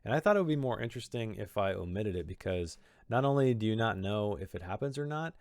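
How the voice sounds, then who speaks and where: This man has a lowish, darkish voice with lively intonation and a quick pace, on a dry recording. Discussing a story of his own, he thinks aloud about his writing decisions, rambling and frequently starting sentences over.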